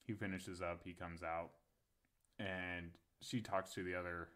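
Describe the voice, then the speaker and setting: A man's voice: deep voice, little pitch movement, unhurried, fairly bright tone. A young man and podcast co-host telling a crude story in casual chat, laughing often.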